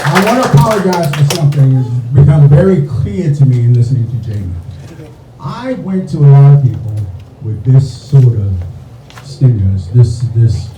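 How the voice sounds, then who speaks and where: A man's voice: mid-range voice, big pitch swings, moderate pace. A man hosting an indoor reception who speaks to the guests with a rallying, joking manner. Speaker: event host. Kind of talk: speech to a crowd. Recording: echoey room, distant mic, crowd noise.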